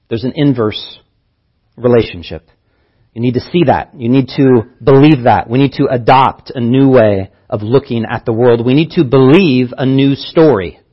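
A man's voice: medium pitch, husky, muffled recording. A man preaching a sermon as pastor, teaching earnestly and repeating key phrases for emphasis.

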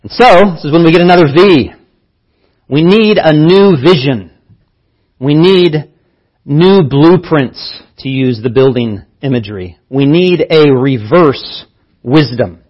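A man's voice: a little high, lively intonation, takes it slowly, highs cut off. A man preaching a sermon as pastor, teaching earnestly and repeating key phrases for emphasis.

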